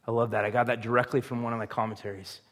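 A man's voice: medium pitch, little pitch movement, racing, a bit bright. A man preaching a sermon in a conversational, joking way, full of rhetorical questions. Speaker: pastor.

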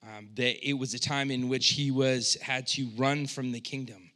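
A man preaching a sermon as pastor, speaking conversationally with frequent restarts and swinging from hushed, low passages to loud, impassioned cries. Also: fairly even intonation, normal speed.

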